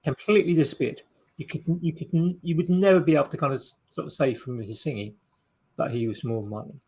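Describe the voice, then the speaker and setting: A man's voice: mid-range voice, quick pace, darkish tone, husky. A man co-hosting a podcast, chatting casually and rambling with many restarts and fillers. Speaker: podcast co-host. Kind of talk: casual chat.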